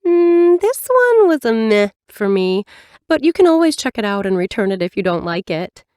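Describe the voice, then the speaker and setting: A woman's voice: a little high, very animated, normal speed, a little mellow, smooth, no room sound, studio quality. A woman reader voicing a chatty, friendly female librarian who talks eagerly about books. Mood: bubbly. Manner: bubbly, eager, talkative.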